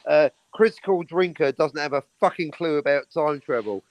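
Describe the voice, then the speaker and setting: Loud, profane ranting man. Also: a little high, normal speed, low-quality recording. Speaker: livestream host. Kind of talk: casual livestream chat.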